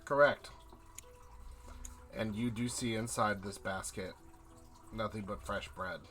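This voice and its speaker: A man narrating as game master in a tabletop game, painting scenes in slow, descriptive detail. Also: on the low side, fairly even intonation.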